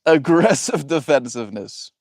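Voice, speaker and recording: A man's voice: on the high side, lively intonation, moderate pace, dry recording. A man hosting a livestream who chats casually with viewers, rambling and reflective and laughing often. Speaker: livestream host.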